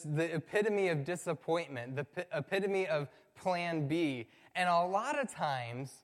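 A male pastor preaching a sermon, telling a story conversationally and building to emphatic points. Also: on the high side. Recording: long reverb from a large hall.

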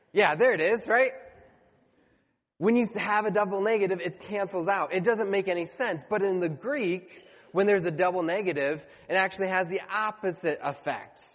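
A man's voice: high voice, big-room sound. A man preaching a sermon to his congregation, earnest and conversational, sometimes stumbling and correcting himself.

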